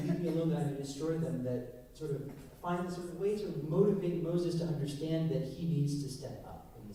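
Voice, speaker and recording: A man, a rabbi leading a text study with questions, animated and acting out quotes, recorded from a distance in a synagogue hall. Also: on the high side. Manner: animated, acts out quotes with rising voice. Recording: echoey room, recorded from a distance.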